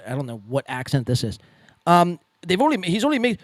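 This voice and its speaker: A man's voice: a little high, quick pace, dry recording. A man hosting a podcast, giving casual, profane and sarcastic commentary on clips, often stumbling and restarting his sentences. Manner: sarcastic, mocking, lively delivery. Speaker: podcast host reacting to clips.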